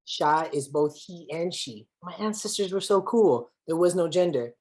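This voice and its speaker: A woman's voice: on the low side, expressive, moderate pace, darkish tone, rough recording. A woman from Los Angeles facilitating an online workshop over a video call in a playful, slangy, chatty way. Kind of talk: lively online workshop hosting.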